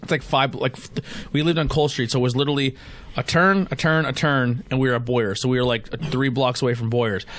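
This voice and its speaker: A man hosting a beer podcast, telling stories in casual chat, profane and animated. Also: mid-range voice, fast. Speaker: podcast host.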